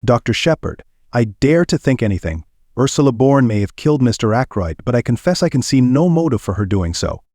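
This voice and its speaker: A man's voice: medium pitch, sing-song, brisk, hardly any pauses, darkish tone, dry recording, studio quality. A man voicing a fussy, precise male detective who questions intently and murmurs his thoughts aloud.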